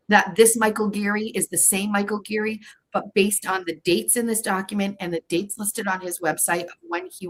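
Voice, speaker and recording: A woman's voice: mid-range voice, fairly bright tone, poor audio. A young adult woman, hosting her show in a heated, profane monologue, repeating herself as she pushes back at critics. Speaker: show host.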